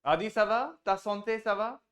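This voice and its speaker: A man with an Indian English accent teaching a beginner French class over a video call, patient, repeating phrases slowly and switching between French and English. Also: high voice, a bit bright.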